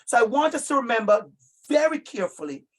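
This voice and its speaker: A middle-aged man with a Jamaican accent leads a training session for teachers. His delivery is emphatic and animated, and he often calls on listeners by name as he speaks. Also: very high voice, brisk. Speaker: workshop presenter for teachers. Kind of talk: lively professional-development talk.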